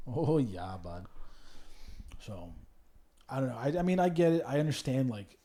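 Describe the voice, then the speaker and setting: A man's voice: medium pitch, expressive, brisk, mellow. A young man co-hosting a podcast in casual chat, rambling, cursing and restarting his sentences. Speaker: podcast co-host.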